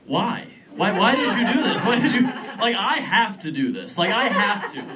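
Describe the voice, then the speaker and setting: A man's voice: high-pitched, very animated, normal speed, recorded from a distance, background noise. A young man doing a stand-up set in a comedy club, rambling and chuckling at his own jokes. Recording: club room, crowd laughter. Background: audience laughter.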